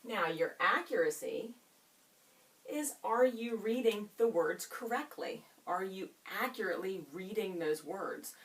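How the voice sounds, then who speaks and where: Woman, teacher, reading lesson, expressive, drawn-out words, mid pitch. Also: distant mic. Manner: expressive, drawn-out teacherly delivery with questions to students. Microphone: camera set up in the room.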